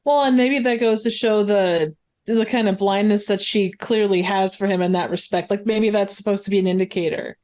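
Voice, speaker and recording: A woman's voice: mid-range voice, fairly even intonation, moderate pace, a little mellow. A woman guest on a movie podcast, chatting casually with plenty of fillers and frequent laughter.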